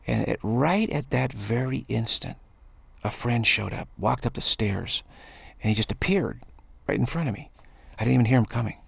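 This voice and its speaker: A man with a deep, heavily gravelly voice gives an earnest spiritual talk. He repeats his key phrases and stumbles into restarts, and his husky tone sits in a dry, close-sounding space. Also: normal speed, fairly bright tone, no room sound. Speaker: spiritual speaker.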